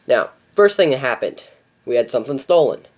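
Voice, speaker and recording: A man's voice: medium pitch, sing-song, a little fast, a little mellow. A seventeen-year-old boy ranting in a casual vlog, exasperated and repeating how ridiculous things are. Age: teens. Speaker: card game vlogger.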